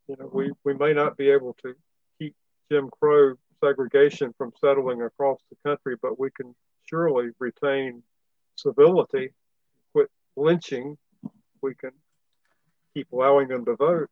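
A male author explains a historical episode at a middle pitch, pausing on fillers as he goes. His line sounds dull and lo-fi, and completely dry. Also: fairly even intonation, no echo. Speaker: author guest. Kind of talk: conversational history interview.

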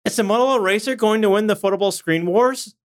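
A man's voice: high voice, fast talker, clear, resonant tone. A man co-hosting a tech podcast, reading out news items with playful sarcasm. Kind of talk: casual podcast chat.

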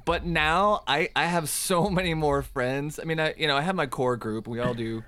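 Middle-aged man, podcast co-host, wry, self-deprecating, halting, dry close sound. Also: fairly high pitch, bright, forceful tone, no room sound. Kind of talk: casual chat. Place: Chicago.

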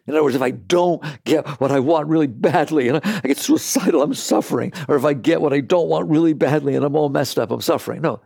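A man giving a spiritual talk to an audience, animated and rhetorical, with laughing asides. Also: a little high, gravelly, no echo, studio quality. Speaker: spiritual teacher.

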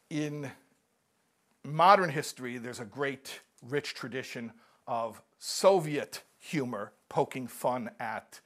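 A man's voice: medium pitch, a bit bright. Man casually telling old jokes. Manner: storytelling, frequent fillers and restarts, laughs at own punchlines. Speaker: speaker on Jewish humor.

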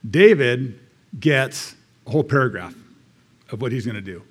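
American male church elder, mid-pitched, folksy sermon delivery with scripture readings. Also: expressive, normal speed, husky. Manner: conversational, reading scripture aloud with asides.

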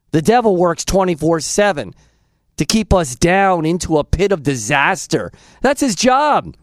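A man's voice: sits high, no echo. A man hosting a Christian call-in radio show, preaching earnestly and chuckling at his callers. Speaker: radio host.

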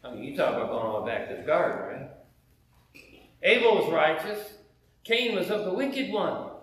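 American male preacher, high voice, chatty delivery with rhetorical questions; captured distantly in a booming church hall. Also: lively intonation, moderate pace, a bit bright, a little hiss or hum. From United States. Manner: conversational, rhetorical questions to the congregation. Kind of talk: sermon. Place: church sanctuary. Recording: very echoey hall, heard from afar.

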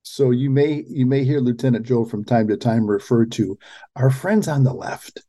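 A man's voice: mid-range voice, moderate pace, warm tone. A man hosting a political talk radio show, talking emphatically and often restarting his phrases.

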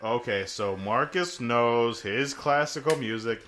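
A young man co-hosting a casual podcast, swearing freely and getting loud and excited as he talks. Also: medium pitch, measured pace, soft background music. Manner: profane, animated, loud bursts of laughing excitement. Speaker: podcast co-host.

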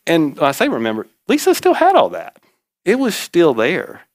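A man's voice: on the high side, wildly swooping pitch, moderate pace, no echo. A middle-aged man, preaching a sermon in a folksy storytelling way, repeating key phrases for emphasis. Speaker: pastor.

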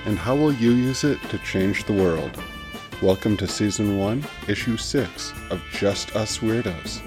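A man hosting and narrating a serialized story podcast in a playful, upbeat way. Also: lowish voice. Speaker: host and narrator. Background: music.

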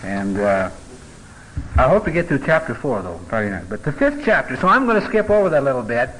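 A man's voice: medium pitch, big pitch swings, brisk, fairly bright tone, a little hiss or hum, low-quality recording. A middle-aged man teaching a Bible passage in a folksy, conversational way, with joking asides and filler words.

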